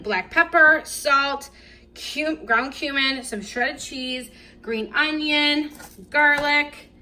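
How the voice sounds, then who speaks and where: Chatty bright-voiced woman in a kitchen. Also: high voice, slight background noise. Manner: chatty, upbeat, talks straight to the viewers. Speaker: lifestyle vlogger. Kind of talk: casual cooking vlog. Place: home kitchen.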